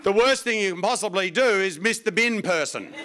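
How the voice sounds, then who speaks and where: A man's voice: high voice, brisk, background noise. A man performing a stand-up comedy routine, wry and profane, telling stories with lots of energy. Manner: wry, profane, animated storytelling.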